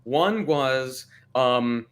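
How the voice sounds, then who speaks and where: An American man telling stories in a casual livestream chat, laughing often and talking with lively energy. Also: medium pitch, very slow. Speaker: cast member on a livestream.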